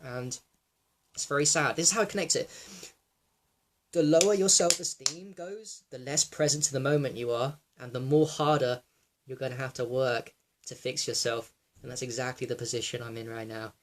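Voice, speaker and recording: A young man in a raw personal monologue, reflective and halting, with many fillers and restarts, sometimes close to tears. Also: mid-range voice, steady tone. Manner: emotional, close to tears at times. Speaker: wellness vlogger.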